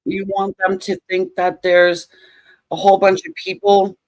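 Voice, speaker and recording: A woman's voice: mid-range voice, completely flat delivery, a little slow, darkish tone, dry recording, rough recording. A woman giving a casual tarot reading, joking and sarcastic, swearing and laughing often. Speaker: tarot reader.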